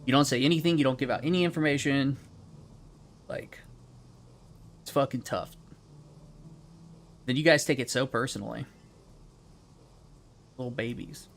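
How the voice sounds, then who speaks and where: A man's voice: mid-range voice, moderate pace, long pauses, slight background noise. A young man streaming a game, chatting casually with friends and chat in a rambling, profane, laid-back way.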